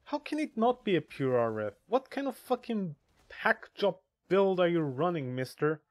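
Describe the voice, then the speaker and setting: A man's voice: sits high, sing-song, moderate pace. A man casually chatting on a gaming livestream, crude and joking as he reads chat aloud. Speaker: streamer.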